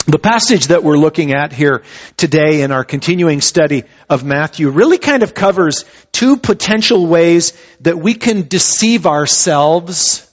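A male pastor with a fairly high voice delivers a sermon and explains scripture as if talking it through. He often stumbles and restarts his phrases. The recording sounds dull and lo-fi. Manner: conversational expository preaching with hesitant restarts.

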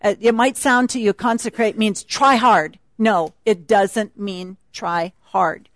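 A woman's voice: medium pitch, fairly even intonation, slow pace, no echo. A woman speaking at a retreat, teaching a Bible passage in a chatty, laughing sermon style.

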